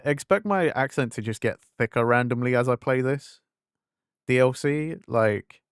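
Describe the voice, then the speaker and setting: An English man with an English accent, chatting with viewers while he plays on a live stream. He rambles loosely and slips into acted-out quotes of friends as he talks. His voice sits at an ordinary pitch, and the sound is dry and close. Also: moderate pace, clear, resonant tone, no room sound. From England. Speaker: game streamer. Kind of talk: casual live-stream chat.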